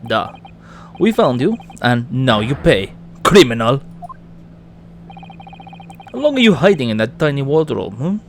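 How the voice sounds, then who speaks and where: A man voicing a gruff, accusing male ship's sailor in a put-on Russian accent, with broken grammar. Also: medium pitch, big pitch swings, unhurried, pauses often, a little hiss or hum. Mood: threatening. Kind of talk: reading game dialogue aloud on stream.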